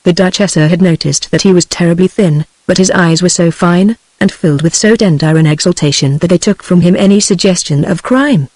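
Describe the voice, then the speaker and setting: A synthetic British English woman reads an audiobook as narrator, with a smooth, machine-made evenness. The audio is completely dry, with no room around the voice. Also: fairly low pitch, fairly quick, hardly any pauses, no echo, poor audio. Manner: even synthetic reading. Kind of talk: text-to-speech audiobook reading.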